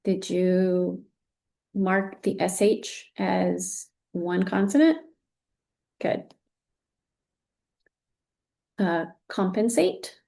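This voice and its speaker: Female teacher trainer, mellow and patient, encouraging classroom delivery. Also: on the low side, very slow, creaky, pauses often. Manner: patient, encouraging, with frequent "very good". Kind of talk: recorded teaching demonstration.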